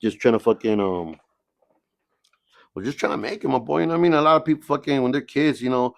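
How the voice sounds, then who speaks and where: A man's voice: medium pitch, fast, vocal fry, long pauses, no room sound. A middle-aged man from the San Diego area, a podcast guest telling stories in casual talk, cursing heavily and often asking "you know what I mean.". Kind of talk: casual storytelling, heavy cursing.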